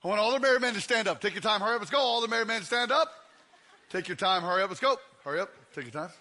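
A man preaching a humorous sermon, loud and teasing the congregation. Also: sits high, expressive, racing. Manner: loud, joking, teasing the crowd. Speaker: guest preacher.

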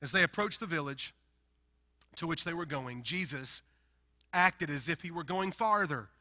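A man from the Deep South with a Southern accent, preaching a sermon in an animated, emphatic way, swinging between loud bursts and quiet stretches. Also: moderate pace. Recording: long hall reverb.

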